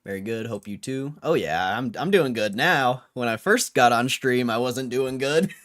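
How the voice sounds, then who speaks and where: Brief: young male streamer, relaxed and rambling, mid-range voice, casual chat. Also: medium pitch, moderate pace. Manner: laid-back, rambling, lots of fillers and slang. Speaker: livestream host.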